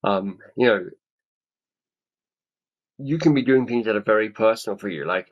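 A man's voice: fairly low pitch, moderate pace, long pauses, dull audio. A man in his fifties leading a coaching webinar over a video call, talking with enthusiasm and acting out other people's reactions. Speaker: webinar speaker and author. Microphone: webcam on a video call.

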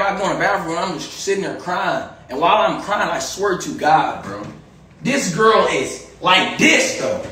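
In a played clip, a young man tells a long story in casual chat, rambling and repeating himself for emphasis. His voice is high and fairly bright. The room echoes, with faint background noise.

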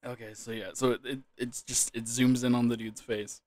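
A man's voice: mid-range voice, flat delivery, normal speed, a little mellow, no echo. A man commentating a quiz casually, giggling helplessly and fighting back tears of laughter. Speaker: gaming YouTuber.

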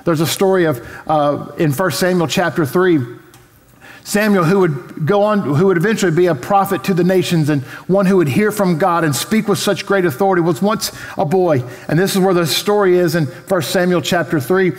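High-voiced preacher in a big reverberant hall. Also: male voice, normal speed. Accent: Texan. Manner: storytelling, acting out the voices in the story. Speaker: pastor. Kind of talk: sermon. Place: large church hall. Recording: reverberant hall with faint music.

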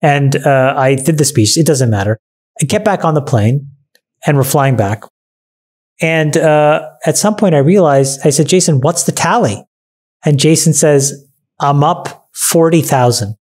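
A man's voice: on the high side, unhurried, a little mellow. A man co-hosting a podcast, telling stories in emphatic, profane casual chat. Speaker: podcast co-host.

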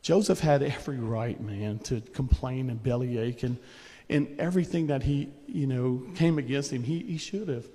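A man's voice: mid-range voice, normal speed, few pauses, dark tone. A man preaching a sermon in a loose, conversational way, with asides and chuckles. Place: church sanctuary. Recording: long church reverb.

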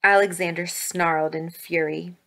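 Lady teacher reading a kids book out loud, steady and expressive. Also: on the low side, moderate pace. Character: brave young girl heroine. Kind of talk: children's book read-aloud.

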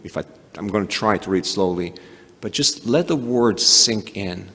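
A man preaching a sermon, animated, often restarting and adding asides. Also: lowish voice, moderate pace, husky. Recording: long hall reverb.

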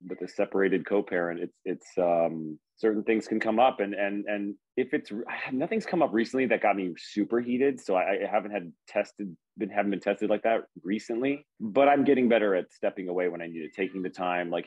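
A man's voice: on the low side, a little fast, hardly any pauses, darkish tone, slightly rough, no echo. A man asking for coaching in casual, rambling talk full of restarts, on dull lo-fi call audio. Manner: rambling, many restarts and fillers. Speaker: caller seeking coaching. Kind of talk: casual chat.

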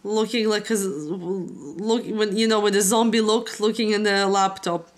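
A woman's voice: medium pitch, fairly even intonation, normal speed. A woman hosting a casual family vlog, chatty, with slightly non-native phrasing. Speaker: vlog host.

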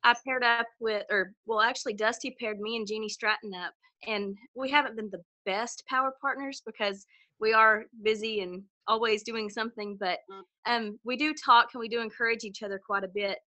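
Bright, chatty woman on a dry call. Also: fairly high pitch, fairly even intonation, moderate pace, no room sound, low-quality recording. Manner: chatty, self-deprecating, rambling with ums. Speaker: newly promoted team member sharing her story. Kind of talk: conference call testimony.

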